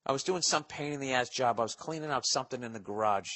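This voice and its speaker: A man's voice: mid-range voice, fast talker, sharp tone, big-room sound. A man in his forties hosting a podcast, rambling through listener mail in a profane, sarcastic, comedic monologue. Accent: Boston. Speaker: podcast host.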